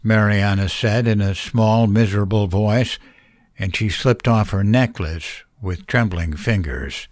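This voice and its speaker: A man narrating a horror story in a slow, measured storytelling style. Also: on the low side, dry recording.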